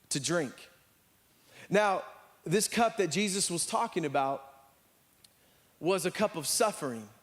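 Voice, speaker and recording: Animated high-voiced American pastor. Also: male voice. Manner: animated storytelling, acts out voices. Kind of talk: sermon. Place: church.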